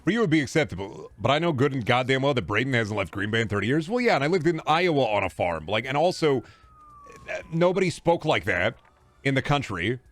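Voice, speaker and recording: A man's voice: mid-range voice, big pitch swings, fast, fairly bright tone, dry recording. A young man from Texas, ranting sarcastically and profanely during a casual stream chat.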